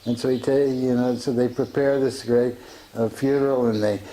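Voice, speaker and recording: A man, a Sufi teacher, retells a teaching story in a halting way, full of fillers and restarts. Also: medium pitch, little pitch movement, dark tone, slight background noise, low-quality recording.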